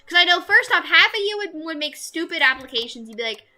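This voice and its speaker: A woman's voice: very high voice, expressive, fast, sharp tone, faint music behind. A young woman streaming a game, chatting to her viewers in a rambling way with lots of fillers. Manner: rambling, talks to chat with many fillers. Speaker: VTuber streamer. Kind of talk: casual live-stream chat while gaming.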